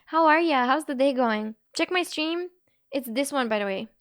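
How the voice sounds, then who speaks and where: A young woman with a high voice hosts a casual live stream. She giggles often and reacts to chat messages one after another in a loose, chatty way. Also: animated, moderate pace. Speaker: Twitch streamer.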